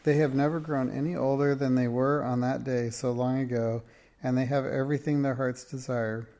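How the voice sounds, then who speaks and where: A man voicing a smooth-talking, magical male piper in a storybook reading, with a rich, jolly voice and a courtly, coaxing manner. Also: medium pitch, level tone, normal speed, dark tone, close to an everyday voice.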